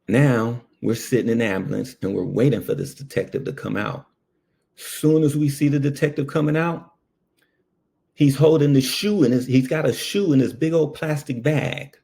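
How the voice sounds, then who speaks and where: A man's voice: medium pitch, normal speed, creaky, pauses often. A man and former ambulance worker telling a personal story in a casual way, full of fillers and asides. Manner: animated, lots of fillers.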